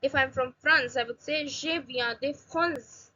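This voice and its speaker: A woman from India teaching basic phrases in a casual online lesson, repeating each phrase slowly and adding chatty asides. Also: high-pitched, bright, forceful tone, highs cut off. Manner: slow careful phrase repetition with chatty asides. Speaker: language teacher.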